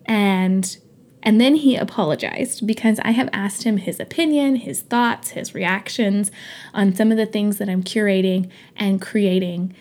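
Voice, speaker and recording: A woman's voice: medium pitch, unhurried, a little mellow. A woman in her thirties hosting a podcast, talking in a chatty, earnest, motivational way with plenty of fillers and restarts. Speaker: podcast host. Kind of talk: casual motivational monologue.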